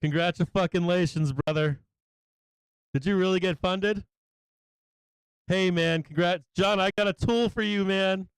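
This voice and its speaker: Shouting out viewers by name on his live stream, an excited man swears loosely and lets some emotion catch in his voice. His tone sits high, smooth and clear, captured in a dry, close recording with no sense of a room.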